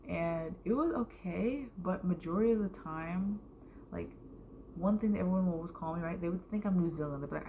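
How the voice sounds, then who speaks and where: A woman's voice: fairly low pitch, brisk, dark tone, a little hiss or hum. A young American woman telling a casual storytime vlog, rambling with lots of fillers and the odd whispered aside. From United States.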